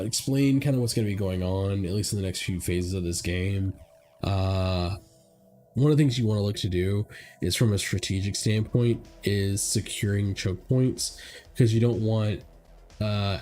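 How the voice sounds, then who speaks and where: A man's voice: on the low side, darkish tone. A young man with a stuffed-up nose giving casual gameplay commentary as a streamer, rambling with lots of fillers. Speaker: game streamer.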